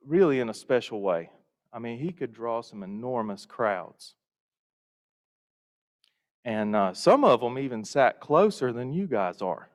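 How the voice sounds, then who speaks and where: A man giving a folksy storytelling welcome speech to a conference audience. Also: medium pitch. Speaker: Rotary district leader. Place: conference hall. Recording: reverberant hall.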